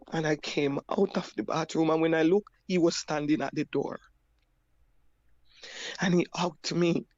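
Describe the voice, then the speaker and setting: A Jamaican woman giving a personal testimony, halting and repeating her words as she recounts. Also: lowish voice, dry recording, muffled recording. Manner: halting, repeats words and restarts, plain broken grammar. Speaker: survivor sharing her story.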